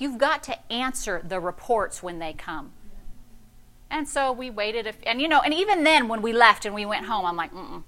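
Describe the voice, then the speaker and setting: A middle-aged woman pastor preaching a sermon, telling a story with sassy, animated delivery that swings from hushed to loud. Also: medium pitch, quick pace.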